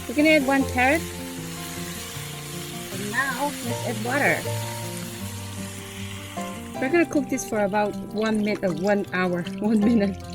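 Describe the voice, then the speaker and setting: A woman hosting a cooking vlog outdoors on a windy farm, talking through each step in a relaxed, casual way and checking in with "yeah?", recorded on a camera mic. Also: on the high side, a little slow, pauses often, music in the background. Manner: relaxed, tags lines with "yeah?". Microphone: camera mic, no external microphone.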